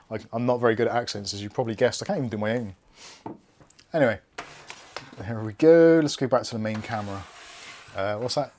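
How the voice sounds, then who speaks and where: A man's voice: on the low side, a little fast, pauses often, a little mellow. A man hosting a live PC build stream, chatting casually and reading out viewer comments while he works. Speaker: tech channel host.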